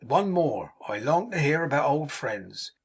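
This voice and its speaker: A man's voice: fairly high pitch, big pitch swings, unhurried, husky, heavily acted. A man voicing a cheerful, hearty young manservant with broad country speech, in a storybook reading. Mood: jolly.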